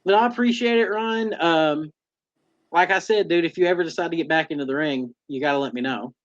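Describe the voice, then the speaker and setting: A man's voice: a little high, fairly quick. A man hosting a casual chat, laid-back and self-deprecating. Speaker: podcast host. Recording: dull lo-fi audio.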